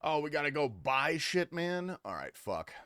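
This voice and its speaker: A young man on a gaming livestream, joking with chat in a loose, swear-laced way. His pitch jumps around expressively. The sound is dry and close to the mic. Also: big pitch swings, normal speed, a bit bright, clear, resonant tone, no echo. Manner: loose, profane, teasing banter with chat. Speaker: streamer. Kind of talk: casual gaming livestream commentary.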